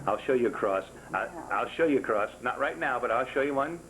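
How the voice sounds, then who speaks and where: Teaching a small class to make rosaries hands-on, this older man speaks briskly and expressively at medium pitch against a noisy background. He's folksy and full of jokes, repeating things and counting each step.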